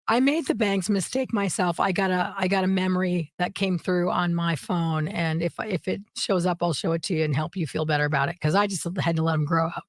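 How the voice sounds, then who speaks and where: A hoarse woman co-hosting a podcast, gushing and giggling as she chats. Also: on the low side, steady tone, fairly quick, few pauses, no echo, studio quality. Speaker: radio podcast co-host. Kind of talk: casual chat.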